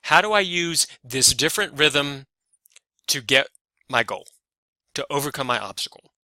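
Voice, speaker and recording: A man talks through a lesson on verse for actors, loose and unscripted, stopping and restarting his sentences as he works it out. His voice is very bright and forward, and the sound is dry and close. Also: fairly high pitch, lively intonation, moderate pace, no room sound. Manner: casual, thinking aloud with fillers and restarts. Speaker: acting teacher. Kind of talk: explainer video lesson.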